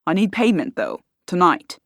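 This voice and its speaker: Female narrator as grizzled old Scottish smuggler, gruff haggler, storybook audiobook. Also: on the low side, wildly swooping pitch, moderate pace, no echo, studio quality.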